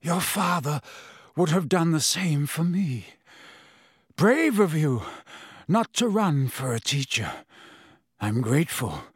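A man voicing a gaunt, menacing escaped prisoner with a hoarse, rusty voice, speaking slowly and quietly in an audiobook. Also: fairly high pitch, very animated, no room sound, studio quality, exaggerated voice. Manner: slow, quiet, grimly taunting. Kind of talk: audiobook character voice.

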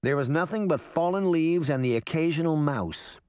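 A man reading a children's adventure story aloud as an audiobook narrator, with expressive, animated storytelling. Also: a little high, normal speed, smooth, no room sound, clean studio sound.

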